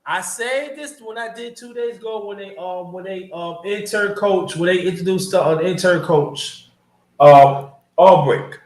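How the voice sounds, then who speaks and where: Animated high-pitched man, roomy sound. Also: unhurried. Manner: animated, swearing, trailing restarts. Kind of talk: casual football chat.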